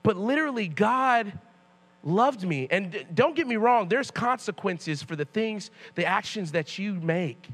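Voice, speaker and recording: A young man, a youth pastor, preaching a sermon in church as a casual, animated story with loose slang. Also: high-pitched, unhurried.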